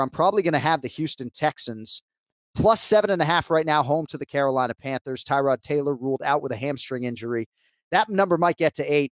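An American man hosting a casual sports betting chat, chatty and self-mocking with quick asides. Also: medium pitch, no echo. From United States. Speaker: host.

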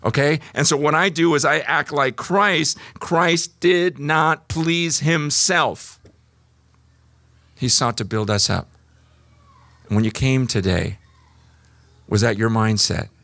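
A man preaching a sermon, moving between hushed, slow passages and animated, emphatic stretches. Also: medium pitch, gravelly, dry recording. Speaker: pastor.

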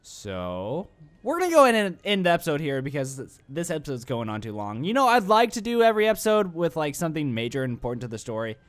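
A man's voice: on the high side, huge pitch swings, quick pace. A young adult man giving let's play commentary, rambling and self-mocking and talking back to the game. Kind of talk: gaming commentary.

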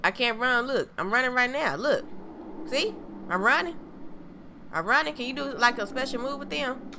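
A woman streamer gives excitable, cursing commentary while playing a horror game. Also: fairly high pitch, normal speed, pauses often. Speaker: gameplay streamer. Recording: loud game music behind the voice.

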